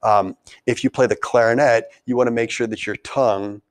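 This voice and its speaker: A man's voice: medium pitch, fairly even intonation, normal speed, no echo. Man teaching an online band lesson. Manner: counts and chants rhythm syllables aloud. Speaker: music teacher.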